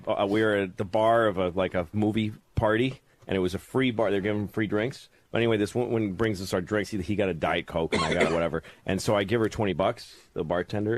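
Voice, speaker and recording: A man in his fifties from Boston doing stand-up, deadpan storytelling with mocking voices. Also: fairly low pitch, big-room sound. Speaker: stand-up comedian. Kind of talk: stand-up routine and casual chat.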